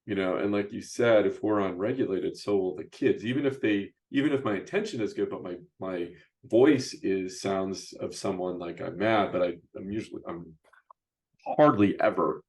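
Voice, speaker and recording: Middle-aged guy hosting a chat show, lowish voice, keeps restarting and tossing in "right?". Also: moderate pace, darkish tone. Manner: rambling, frequent restarts and "you know, right?" tags. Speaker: podcast host and youth basketball coach. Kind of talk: casual interview chat.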